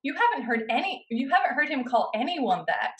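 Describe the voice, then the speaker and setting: A woman pastor preaching a sermon, guiding her listeners through a scene in the second person with slow, dramatic pauses. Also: high voice, sing-song, rough recording. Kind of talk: sermon with guided imaginative narration.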